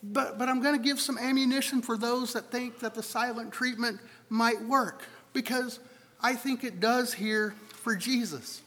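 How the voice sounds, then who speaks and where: A man with a strikingly high voice delivers a sermon to a congregation. He talks conversationally, often stumbling and repeating words as he thinks aloud. His voice rings out with the long reverb of a large church sanctuary. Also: steady tone, normal speed, sharp tone. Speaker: pastor.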